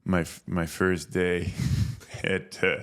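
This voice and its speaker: A man's voice: low-pitched, level tone, slow pace, a bit bright. A laid-back man from Canada, a comedian and filmmaker, telling stories casually as a podcast guest.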